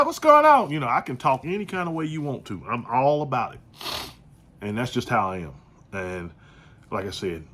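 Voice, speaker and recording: A man's voice: lowish voice, a bit bright, husky. A man hosting his own podcast, talking casually and repetitively in slangy, joking asides. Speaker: podcast host. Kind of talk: casual solo podcast monologue.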